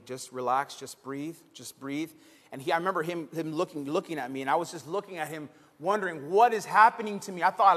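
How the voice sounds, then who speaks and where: Young man from Texas, pastor; high voice, sermon with emphatic swells and quiet story passages, reverberant church hall. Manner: swings between loud emphatic preaching and quiet conversational storytelling. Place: church sanctuary.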